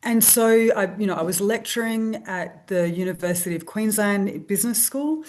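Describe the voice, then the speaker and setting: An Australian woman being interviewed, telling a lively anecdote and acting out the voices of people she quotes. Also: mid-range voice, normal speed. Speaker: guest, stress researcher. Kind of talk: storytelling interview.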